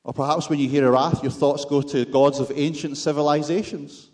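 A man's voice: fairly high pitch, steady tone, moderate pace, darkish tone. A man with a Scottish accent preaching a sermon, with wry, self-deprecating humor and rhetorical questions to the congregation.

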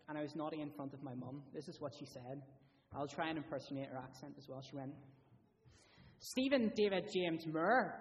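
A man giving a children's talk in church, asking the children lots of questions in a lively, friendly way. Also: a little high, recorded from a distance, dull audio.

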